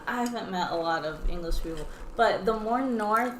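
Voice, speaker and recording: A woman's voice: medium pitch, normal speed, a bit bright, a little hiss or hum. A woman co-hosting a casual livestream, chatty and teasing, asking lots of questions. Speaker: livestream co-host.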